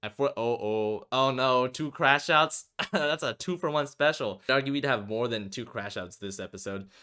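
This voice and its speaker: A man giving casual, slangy, excitable commentary while reading a game aloud. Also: medium pitch, moderate pace, clear, resonant tone. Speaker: game streamer. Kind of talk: casual let's-play commentary.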